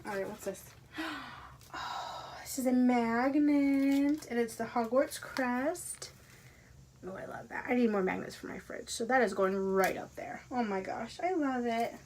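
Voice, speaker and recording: A woman unboxing items at home in a casual, gushing way, often dropping to breathy whispers. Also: on the high side, normal speed, a little mellow, slight background noise. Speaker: unboxing vlogger. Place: carpeted room at home.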